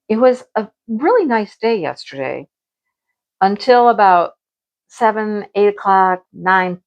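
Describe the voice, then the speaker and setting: A woman chatting casually at home as a crafting vlogger, animated and talkative, acting out her own past remarks. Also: medium pitch, lo-fi sound. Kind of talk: casual chat about crafts and home life.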